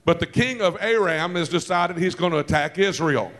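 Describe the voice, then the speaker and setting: Man preaching, lively and anecdotal, pitched a bit high. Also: normal speed, big-room sound. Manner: lively storytelling with asides and laughter; calls out to the congregation. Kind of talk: sermon.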